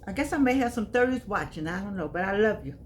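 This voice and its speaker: A woman's voice: medium pitch, lively intonation, fast talker, slight background noise. Chatty woman in her eighties. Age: 80s. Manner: folksy, repeats herself, emphatic. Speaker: vlogger. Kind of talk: casual spoken reflection.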